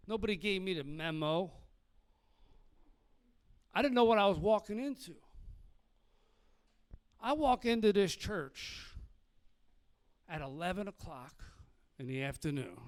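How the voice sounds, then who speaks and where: Brash high-voiced stand-up comic man. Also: clear, resonant tone. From Philadelphia. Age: middle-aged. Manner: brash, profane, acts out dialogue in other voices. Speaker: stand-up comedian. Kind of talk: stand-up comedy set.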